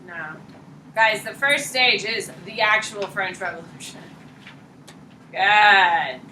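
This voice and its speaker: Brisk teacher in an echoey classroom. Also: female voice, medium pitch, sharp tone. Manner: brisk, calls on students by name, blunt and casual. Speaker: high school history teacher. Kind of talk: classroom lecture and questioning. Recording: echoey classroom, distant mic, light noise.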